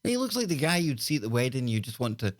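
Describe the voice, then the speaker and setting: A jokey Scottish man hosting a call-in radio show, his voice dry and close with hardly any room around it. He sits at a middle pitch and keeps a playful, bantering tone as he greets listeners one by one. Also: very animated, fast, no echo. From Scotland. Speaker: radio talk show host.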